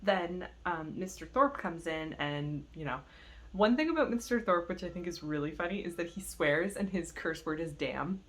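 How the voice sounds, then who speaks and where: A woman's voice: lowish voice, expressive, moderate pace, fairly bright tone. Chatty woman gushing about a book. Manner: gushing, chatty, heavy use of "like". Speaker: book vlogger. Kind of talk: casual reading vlog chat.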